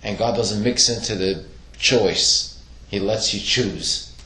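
A man's voice: on the low side, takes it slowly, bright, forceful tone. A man teaching a Torah lesson to a class, asking questions and telling stories with acted-out quotes. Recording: echoey room.

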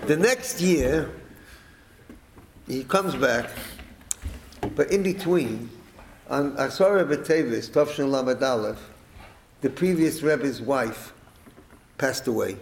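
A middle-aged man telling a family story to listeners, rambling and animated, acting out the quoted speech. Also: mid-range voice, slow, gravelly, long pauses, reverberant, slight background noise, poor audio.

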